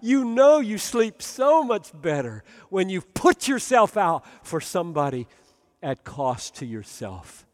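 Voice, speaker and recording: A man preaching a sermon, earnest and emphatic, often dropping to soft, low tones. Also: very animated, takes it slowly, big-room sound.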